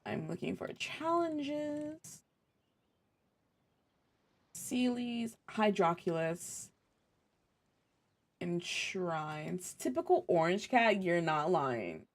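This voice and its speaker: A woman streamer giving chatty, excitable gameplay commentary and talking to her viewers. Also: fairly low pitch, extremely slow, long pauses.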